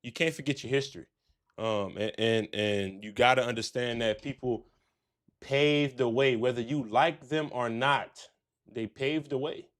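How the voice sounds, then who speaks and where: A man's voice: mid-range voice, measured pace. A man hosting a casual streamed interview, loose and slangy, laughing along with his guest. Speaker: host.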